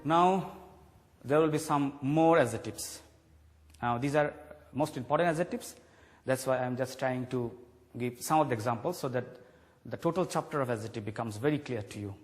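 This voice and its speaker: A man teaching a grammar lesson on television, slowly stressing key words for his students. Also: medium pitch, in a large hall. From Bangladesh.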